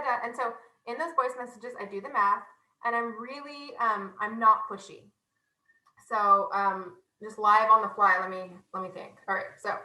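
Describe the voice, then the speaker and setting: A young woman giving a casual, animated sales training talk, chatty and self-deprecating. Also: on the high side, roomy sound, poor audio.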